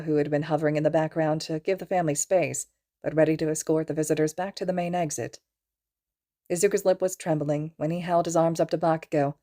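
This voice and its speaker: A woman reading a fan fiction audiobook aloud in a calm, even storytelling manner. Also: lowish voice. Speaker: podfic reader.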